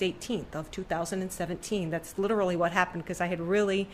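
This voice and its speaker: A podcast guest, a middle-aged woman who paints, tells a conversational story surrounded by her artwork, switching pitch suddenly to act out the voices she quotes. Her delivery is a little fast with few pauses and a fairly bright tone. A slight hiss or hum sits under the recording.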